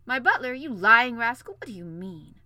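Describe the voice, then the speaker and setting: A woman's voice: mid-range voice, expressive, fairly quick, dry recording. A woman voicing a hot-tempered old king who bellows and blusters. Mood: raging. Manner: blustering, shouting.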